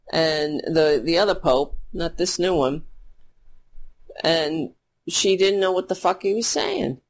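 A woman hosting a political commentary show, ranting in a sarcastic, profane, mocking way. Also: lowish voice.

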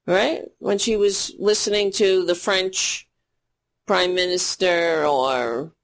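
A woman's voice: on the low side, slow. A woman hosting a political commentary show, ranting in a sarcastic, profane, mocking way.

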